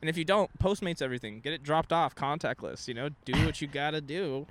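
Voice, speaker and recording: A man's voice: fairly high pitch, quick pace. A man chatting casually, rambling with lots of "like" and "you know" fillers. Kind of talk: casual chat.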